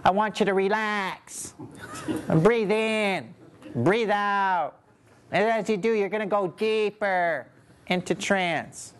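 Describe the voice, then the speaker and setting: A man voicing a hypnotherapist with a pinched, nasal tone who drawls slow, soothing instructions. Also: high-pitched, clean tone, pitched above the performer's own voice. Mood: mock soothing. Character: nasal-voiced male hypnotherapist, droning.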